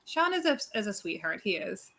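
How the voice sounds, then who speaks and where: A woman from Pasadena co-hosting a casual horror livestream, chatty and quick to laugh. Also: mid-range voice, very animated, sharp tone. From Pasadena, California. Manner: chatty, laughs easily, announces plans. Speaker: co-host of a horror watch-party livestream.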